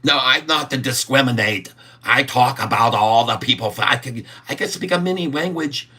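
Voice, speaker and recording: A man's voice: medium pitch, very slow, a bit bright, voice pushed up. A man putting on an exaggerated broken-English caricature voice, sing-song and giggling. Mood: cheeky. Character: cartoonish broken-English foreign man, cheeky boaster.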